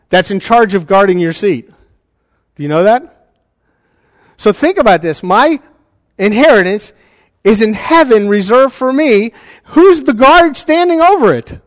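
A man preaching a sermon as a pastor, animated and conversational, with joking asides to the congregation. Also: high voice, measured pace, pauses often, no room sound, studio quality, big-room sound.

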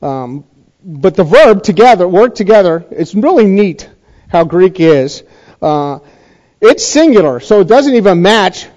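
A man's voice: sits high, very animated, unhurried, a little mellow. A man teaching a Bible passage to a congregation in a conversational sermon style, often checking in with his listeners and repeating points for emphasis. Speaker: pastor teaching a Bible study. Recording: dull lo-fi recording.

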